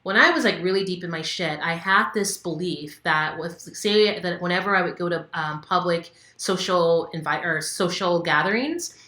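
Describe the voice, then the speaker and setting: A woman's voice: lowish voice, normal speed, few pauses, bright, forceful tone, roomy sound. A woman wellness coach talking casually to camera, candid and conversational with many fillers. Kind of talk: casual instructional talk to camera.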